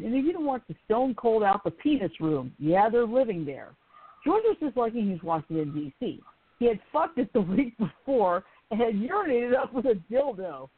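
A woman's voice: a little high, breathy edge. A woman co-hosting a casual podcast, reading a silly word game aloud and giggling often as she goes. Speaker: co-host. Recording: tinny phone-line sound.

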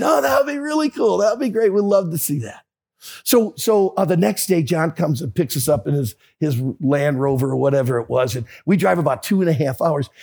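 A man with a high, husky voice tells a story in a sermon, acting out the conversations. His pitch swings widely and there is a gravelly edge to his voice. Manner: animated, acts out both sides of conversations. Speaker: preacher.

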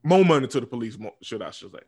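A man in his twenties from the southern United States delivers a casual political rant, blunt and profane, at a racing pace. His pitch swings widely, sinking to low mutters and then leaping into loud, laughing outbursts.

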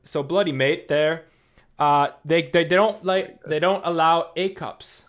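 A man's voice: a little high, steady tone, unhurried, a bit bright. Casual male podcast co-host, loose rambling delivery, reads rules off a page. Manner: rambling, filler-heavy, reads rules aloud. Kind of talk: casual chat.

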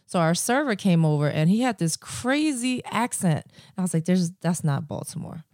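Low-voiced woman, quick podcast co-host. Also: big pitch swings, a little mellow, dry recording, clean studio sound. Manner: upbeat, quick storytelling with fillers. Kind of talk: casual chat.

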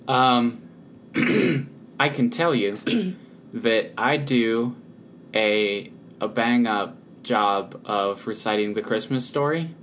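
A man co-host speaking in casual chat at a middling pitch. His humor is dry and understated, and he clears his throat now and then. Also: lively intonation, slow, long pauses, a bit bright, slight background noise. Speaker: podcast co-host.

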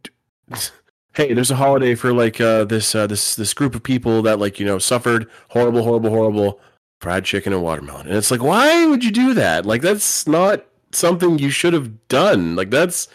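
A man's voice: medium pitch, animated, moderate pace, no echo. A man co-hosting a casual podcast chat, rambling and swearing freely, now and then acting out mocking voices. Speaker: podcast co-host.

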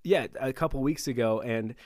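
A man of middle pitch co-hosts a casual faith podcast. He talks in a relaxed, jokey way, sometimes putting on goofy voices. His voice is dry and close to the mic. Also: moderate pace, dry recording. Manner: jokey, goes into goofy high voices when paraphrasing. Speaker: podcast co-host.

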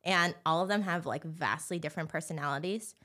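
A woman's voice: deep voice, fairly quick, bright, forceful tone. A young woman from Anaheim, California, chatting casually as a podcast guest, laughing often and saying "like" a lot. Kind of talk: casual chat. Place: recording studio.

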